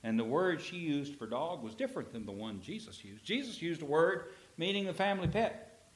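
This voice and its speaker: A man preaching a sermon as pastor, telling a story with animated swings from loud emphasis to a near whisper. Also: on the high side, moderate pace.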